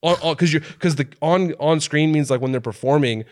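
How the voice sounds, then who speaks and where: Animated storytelling man from Oregon. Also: on the high side, fairly quick. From Oregon, USA. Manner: animated storyteller who acts out quotes in shifting voices. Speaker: podcast co-host telling a story. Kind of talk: casual chat.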